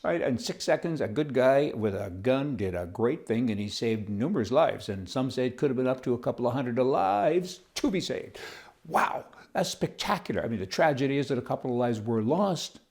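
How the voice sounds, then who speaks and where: A man's voice: medium pitch, normal speed, vocal fry. A man from Canada hosting casual political commentary, telling jokes and laughing at them. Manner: jokey, laughs at his own jokes, animated.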